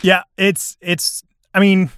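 A man hosting a podcast in casual chat, upbeat and quick to laugh, explaining the show's format plainly. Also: high voice, monotone, a bit bright, clear, resonant tone, dry recording. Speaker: podcast host.

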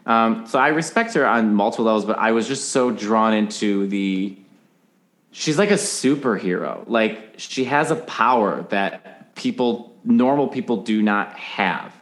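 A man's voice: on the low side, a little slow, fairly bright tone. A man as a podcast guest in casual chat, animatedly explaining singing technique and breaking into sung examples.

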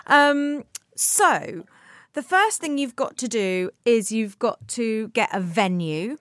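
A woman co-hosting a casual podcast, thinking aloud with plenty of fillers. She speaks slowly, in a slightly high voice. The sound is dry and close. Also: lively intonation, no room sound. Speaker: podcast co-host, comedian. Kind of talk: casual chat.

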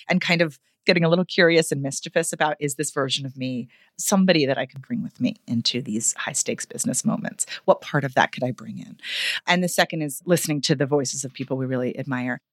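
A woman vocal coach being interviewed on a podcast, talking in an animated, expressive way. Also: brisk, no room sound, clean studio sound. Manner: animated, expressive, wide pitch swings.

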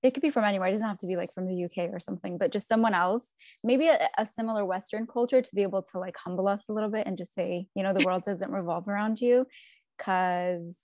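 A woman's voice: medium pitch, quick pace, darkish tone, no room sound. American woman hosting a casual chat. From California, US. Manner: chatty, upbeat, many fillers. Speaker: podcast host. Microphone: remote video call.

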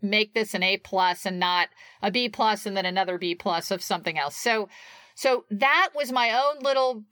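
A woman's voice: medium pitch, normal speed, sharp tone, dry recording. A woman co-hosting a podcast in casual chat, chatty and often laughing. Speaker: podcast co-host.

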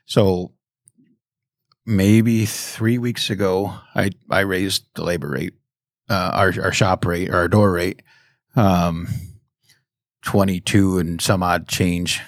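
A low-voiced man who owns a diesel shop talks casually about his business. He speaks haltingly and pokes fun at himself. The sound is dry and close. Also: fairly even intonation, no echo. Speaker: guest, diesel shop owner. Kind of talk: casual interview chat.

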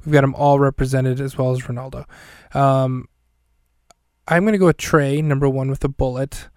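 A man's voice: medium pitch, fairly even intonation, normal speed, darkish tone, clean tone, dry recording, clean studio sound. A man hosting a podcast, casually recapping a film scene by scene in a rambling, self-correcting, light and jokey way. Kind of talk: casual chat.

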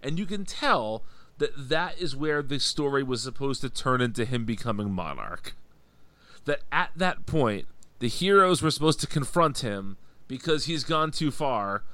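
A man's voice: medium pitch, big pitch swings, unhurried, a bit bright, dry recording. Wry man recapping a comic on a podcast. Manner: wry, recaps plots by acting out characters' lines. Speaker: podcast co-host. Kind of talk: casual comic book podcast chat.

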